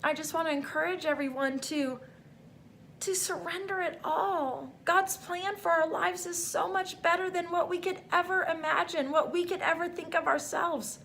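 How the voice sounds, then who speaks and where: High-voiced woman sharing heartfelt faith testimony. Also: moderate pace, a bit bright, a little hiss or hum. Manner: rambling, heartfelt, full of "like" fillers. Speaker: faith vlogger.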